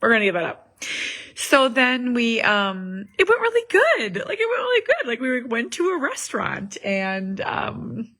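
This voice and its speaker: A woman's voice: on the high side, wildly swooping pitch, measured pace, bright, forceful tone. A woman in her thirties talks through a family story at home in a loose, chatty vlog. She rambles, circles back and fills gaps with likes and ums. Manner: rambling, chatty, many fillers and asides. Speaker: vlogger, mother of an autistic son. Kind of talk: casual family vlog chat. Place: home in the evening.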